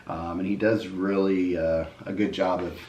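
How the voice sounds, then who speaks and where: A middle-aged man with a very low voice talks through a stack of records, easygoing and meandering, full of ums and uhs. He sits a little back from the mic in a roomy, echoing space with faint hiss behind him. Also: normal speed, far from the mic, muffled recording. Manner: relaxed and rambling, with many ums and uhs. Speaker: host of a record review channel. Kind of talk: casual album review chat.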